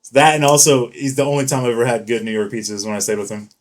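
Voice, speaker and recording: A man's voice: medium pitch, rapid-fire. A young man co-hosting a podcast, telling stories in a casual, profane, laughing way. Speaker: podcast co-host. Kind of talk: casual chat.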